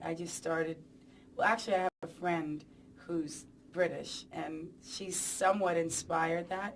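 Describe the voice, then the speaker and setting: Recorded on a distant mic with slight background noise, a woman singer with a lowish voice gives a relaxed interview at a press event. She is playful and talkative, rambling and filling gaps with lots of "you know"s.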